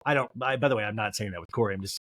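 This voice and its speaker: A man's voice: fairly low pitch, rapid-fire, a bit bright, no echo, studio quality. A young man hosting a podcast, recapping a reality show with snarky, mocking humor. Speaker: podcast host. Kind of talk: comedic TV recap.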